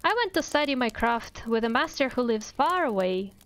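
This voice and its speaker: A woman voicing a calm, content young male carver in a read-aloud fairy tale. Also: a little high, normal speed.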